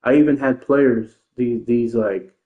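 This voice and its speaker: A man's voice: mid-range voice, steady tone, measured pace. Male gamer ranting, rambling and defensive, tinny phone-quality audio. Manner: rambling, defensive, repeats himself. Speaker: gaming streamer. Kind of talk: casual ranting commentary. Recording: tinny phone-like sound in an echoey room.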